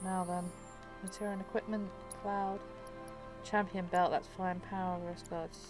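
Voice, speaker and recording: Over music, a woman with a lowish, fairly flat voice comments on her game playthrough at a moderate pace. She's a streaming gamer whose let's play talk is emotional, peppered with swearing and laughing asides.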